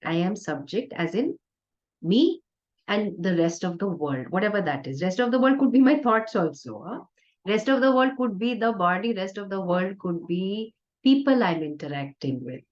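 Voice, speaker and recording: A woman spiritual teacher giving a conversational, playful discourse with soft laughs. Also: mid-range voice, lively intonation, normal speed. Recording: dull lo-fi recording.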